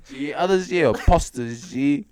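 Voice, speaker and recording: A young man, a dancer guest in a podcast, telling stories in casual slangy chat and laughing often. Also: a little high. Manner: laid-back slangy storytelling, laughs often.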